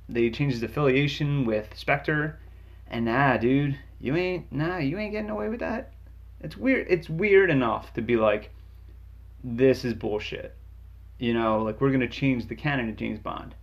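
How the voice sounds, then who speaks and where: A man ranting about a video game in an angry, sarcastic, profane comedic way, jumping in pitch for emphasis. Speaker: game reviewer. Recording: dull lo-fi sound.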